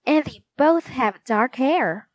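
A woman's voice: high-pitched, animated, slow, dry recording, pitched above the performer's own voice. Ruth Rose, a woman voicing an eager young girl sleuth. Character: quick-witted young girl detective.

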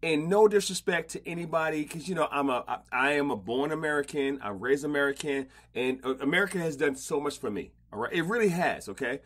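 A man hosting a casual podcast interview, slangy and animated, often repeating himself. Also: a little high, fairly quick, few pauses. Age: older. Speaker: podcast host.

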